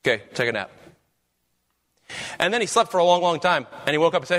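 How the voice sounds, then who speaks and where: A man's voice: a little high, lively intonation, fast talker, a bit bright. A man preaching a sermon as pastor, with emphatic, rising questions.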